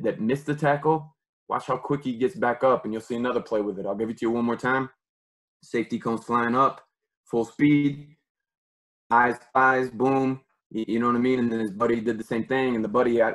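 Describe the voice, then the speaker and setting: A man, a football defensive coach, giving an energetic online clinic presentation over a video call, repeating words in excited bursts. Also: medium pitch.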